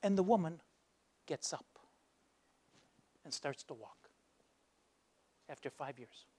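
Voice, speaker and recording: A man giving a motivational speech, telling a story and acting out its voices, dropping low for the dramatic moments. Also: animated, slow pace, mellow, husky. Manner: acts out the voices in his stories, drops low for dramatic moments. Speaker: guest speaker. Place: university lecture hall.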